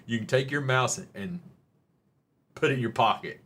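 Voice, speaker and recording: A man's voice: mid-range voice, moderate pace, a bit bright. A man with a Southern Oklahoma accent who hosts a casual live stream, chatting with viewers in a rambling, folksy, joking way. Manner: rambling and folksy, jokes with chat, says y'all.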